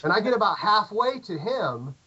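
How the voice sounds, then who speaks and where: A middle-aged American man telling a long, animated anecdote in casual chat, with lots of fillers and restarts. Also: sits high, normal speed, husky. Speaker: podcast guest. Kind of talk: casual storytelling. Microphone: remote call audio. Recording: dull lo-fi call audio.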